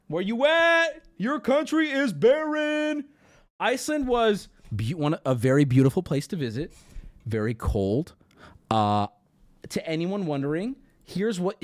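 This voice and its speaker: A young man hosting a livestream, rambling through stories in a casual, profane way. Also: fairly high pitch. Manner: rambling, profane, animated storytelling. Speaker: streamer host.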